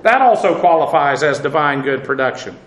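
A man's voice: a little high, expressive, fairly quick, echoey room, low-quality recording. A man teaching a sermon through Bible passages, blunt and conversational, with many fillers and restarts. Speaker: preacher.

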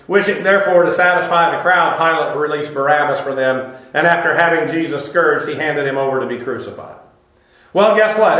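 A man with a high voice teaches a Bible sermon in a loose, conversational way. He drops filler "uh"s and slips into dry, sarcastic asides. His voice rings through a very echoey room. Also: a bit bright. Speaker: preacher.

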